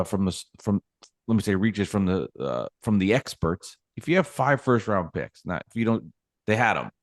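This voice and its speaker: Ranting low-voiced sports podcast man. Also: dry recording, studio quality. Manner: emphatic, ranting. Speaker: podcast co-host.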